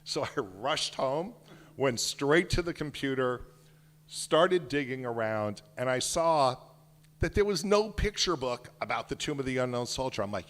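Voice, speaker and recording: Animated older man in an echoey hall. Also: medium pitch, unhurried. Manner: animated, emphatic storyteller. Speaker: children's book author. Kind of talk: author talk and picture book reading. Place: synagogue hall.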